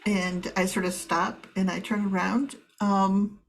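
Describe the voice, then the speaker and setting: A woman player describing her character's actions in a relaxed, halting way. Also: medium pitch, poor audio.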